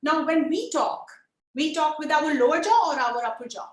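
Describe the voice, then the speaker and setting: A woman with a high voice leads an online puppetry workshop, demonstrating as she explains. She coaxes the group to join in and try each step with her. The sound carries a noticeable room echo. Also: animated, normal speed.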